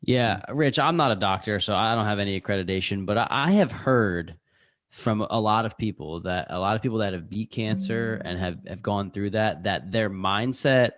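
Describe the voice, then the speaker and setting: Low-voiced man musing as co-host. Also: normal speed, a bit bright. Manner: musing, hedging, thinking aloud. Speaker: podcast co-host. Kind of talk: casual chat.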